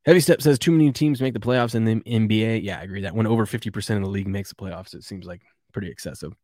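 A man's voice: fairly low pitch, racing, a little mellow, no echo, clean studio sound. A man hosting a casual morning sports show, rambling and chuckling as he reads viewer comments. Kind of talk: casual live sports chat.

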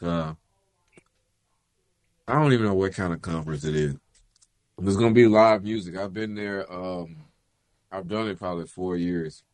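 Man, low voice, dry close sound, musician, relaxed chat. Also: no echo. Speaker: musician, podcast regular. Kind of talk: casual chat.

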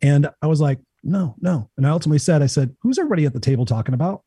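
Быстрый мужчина с глухим, тёплым голосом. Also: male voice, fairly high pitch, very fast, husky, no room sound. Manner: energetic, swears freely, acts out quotes. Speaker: motivational speaker. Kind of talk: casual storytelling chat.

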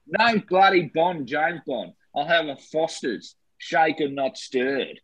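A man's voice: a little high, slow, no echo. A man putting on a broad Australian accent to play a crude, swearing ex-spy actor. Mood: brash. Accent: Australian, put on. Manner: brash, swearing, blokey. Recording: slightly lo-fi dry recording.

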